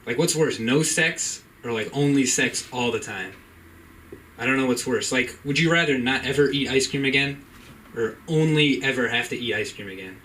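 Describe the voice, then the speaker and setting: A man's voice: medium pitch, moderate pace, bright, forceful tone. Young male comic, laid-back and rambling; captured from a distance with light club noise. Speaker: stand-up comic. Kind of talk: open-mic stand-up. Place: comedy club. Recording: distant mic, faint room noise.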